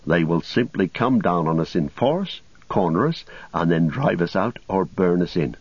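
A man's voice: low voice, lively intonation, normal speed, husky, no echo. A man voicing a resolute young male hobbit who speaks urgently and gives commands. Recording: dull lo-fi recording.

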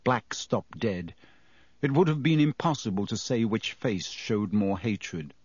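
Husky, unhurried audiobook narrator, male. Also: fairly low pitch, dry recording. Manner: measured, expressive storytelling.

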